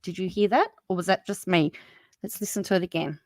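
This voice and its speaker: A woman's voice: lowish voice, dry recording. Woman doing live commentary, chatty, bit incredulous, dry close sound. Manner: incredulous, chatty, quick asides to viewers. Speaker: commentary channel host.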